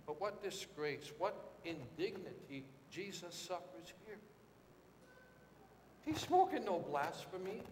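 A man preaching a sermon with dramatic swings, rising to shouted quotes and dropping low and quiet. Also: echoey room, in a large hall, a little hiss or hum.

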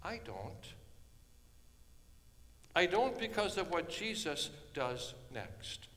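A man preaching a sermon, telling a story dramatically and dropping from hushed tones to loud ones. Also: on the high side, sing-song, takes it slowly. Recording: long hall reverb.

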